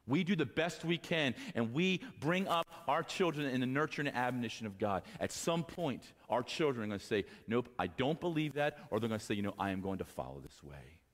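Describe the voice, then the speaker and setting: A male pastor preaching a sermon to fathers, impassioned, moving from quiet talk to raised exhortation. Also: mid-range voice, animated, a little fast, few pauses, long reverb tail. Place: church sanctuary.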